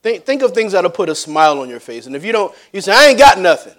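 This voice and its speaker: A man's voice: high-pitched, very animated, quick pace. A middle-aged man preaching a conversational sermon in a church, chatty, with laughing asides and call-outs to the congregation. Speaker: evangelist preacher. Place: church sanctuary.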